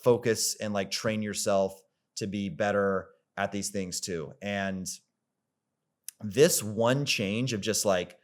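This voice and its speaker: A man's voice: on the low side, fairly even intonation, takes it slowly. A man giving a coaching monologue, rambling with lots of filler words, repeating himself for emphasis and swearing casually. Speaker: dating coach.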